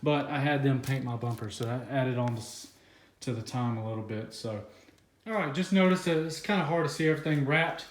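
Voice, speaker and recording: Excited young man, echoey room. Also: medium pitch, a little fast, a little hiss or hum. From US South. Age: 20s. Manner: excited, rambling, many fillers. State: out of breath. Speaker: car vlogger. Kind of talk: casual unboxing vlog.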